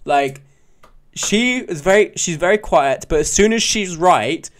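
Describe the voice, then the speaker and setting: A man's voice: sits high, expressive, a little slow. A young man with an English accent who hosts a casual live stream. He swears freely, teases and laughs a lot. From England. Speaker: motovlogger hosting a live stream.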